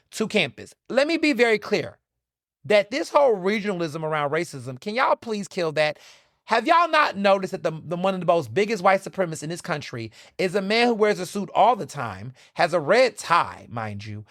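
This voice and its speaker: A man's voice: fairly high pitch, fairly bright tone, dry recording, studio quality. A young man from the American South hosting a podcast, ranting in opinionated solo commentary with profane, emphatic outbursts. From Southern United States. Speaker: podcast host.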